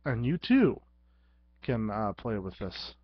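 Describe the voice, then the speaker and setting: A man's voice: on the low side, sing-song, takes it slowly, no echo. Guy goofing around in a home video, silly sound effects, dull lo-fi dry mic. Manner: goofy, playful, sound effects. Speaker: vlogger. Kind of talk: casual talk to camera. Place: home, at his computer.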